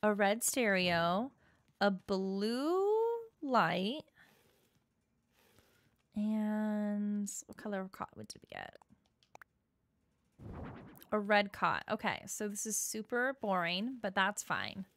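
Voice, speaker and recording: A woman's voice: mid-range voice, animated, slow, pauses often. A young woman giving casual gameplay commentary, bubbly and gushing, with lots of filler words. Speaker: gaming YouTuber. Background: soft game music.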